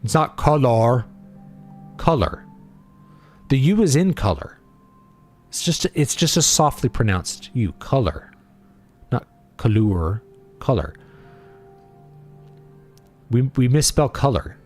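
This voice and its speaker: Opinionated man with a lively voice. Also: mid-range voice, slow, long pauses, faint music behind. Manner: opinionated, blunt, playful. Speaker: livestream host and writer. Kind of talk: casual livestream talk.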